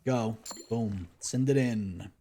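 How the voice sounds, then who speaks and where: A man's voice: fairly low pitch, slow pace, warm tone, breathy edge. A man giving casual let's-play commentary, muttering to himself as he plays. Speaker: gamer and streamer.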